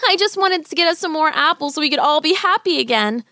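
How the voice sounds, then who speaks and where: A woman's voice: high-pitched, animated, fast, sharp tone, no echo, studio quality, pitched above the performer's own voice. A woman voicing an anxious young boy in a bedtime story, talking in a tense, urgent, earnest way.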